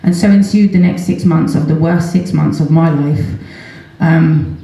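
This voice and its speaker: A woman's voice: deep voice, steady tone, unhurried, mellow. A middle-aged woman giving a personal talk at a seminar, earnest and candid, with frequent ums. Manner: earnest and candid, with nervous laughs and many ums. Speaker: seminar speaker, mother of patient. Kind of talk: personal story told in a public talk. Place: large event hall at a festival seminar. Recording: echoey hall.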